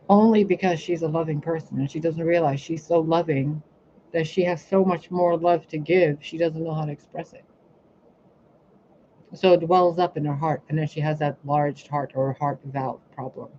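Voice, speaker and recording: This is a deep-voiced woman, a spiritual reader and healer, delivering a blunt, profane, casual rant on her own live stream. The highs are cut off, and there's slight background noise. She stays animated, playing out other people's lines.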